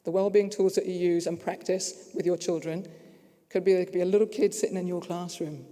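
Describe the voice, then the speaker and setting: A man's voice: high voice, fairly even intonation, fairly quick, warm tone. A man with a New Zealand accent, giving an earnest, story-driven conference talk. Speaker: conference speaker. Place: conference hall. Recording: echoey hall.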